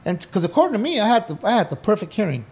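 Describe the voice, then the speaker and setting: Talking very fast in a high-pitched voice, a middle-aged podcast guest recounts his story in a casual interview in an indoor podcast room. He's animated, acts out past conversations and swears freely.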